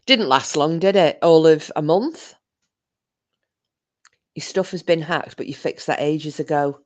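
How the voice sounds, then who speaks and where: A woman's voice: sits low, a little slow, darkish tone, dull audio. A British woman chatting casually on a livestream, reading comments and telling a rambling story full of restarts. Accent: British English. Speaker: livestream host. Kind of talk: casual live chat reading viewer comments.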